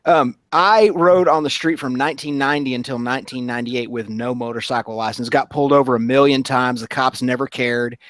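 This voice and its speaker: A man's voice: mid-range voice, fairly even intonation, a little fast, few pauses, a bit bright, no room sound. A middle-aged man chatting bluntly and casually while working in a garage. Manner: laid-back, blunt. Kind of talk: casual chat. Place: home garage.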